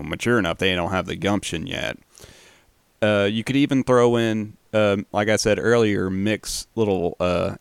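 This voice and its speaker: A man giving a casual, relaxed film commentary, swearing now and then. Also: deep voice, clear, resonant tone, no echo. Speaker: film recap host.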